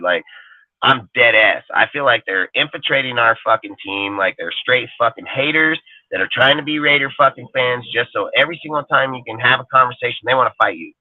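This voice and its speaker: A man's voice: medium pitch, no room sound. A young man ranting heatedly and profanely as the host of a call-in show, swaggering and blunt. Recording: tinny phone-line sound.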